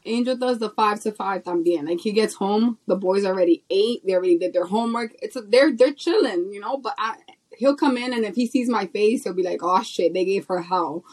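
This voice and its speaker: A woman's voice: mid-range voice, a little fast, darkish tone, rough recording. A young woman and mother of boys co-hosting a casual chat, blunt and casually swearing. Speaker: podcast co-host, mom of boys.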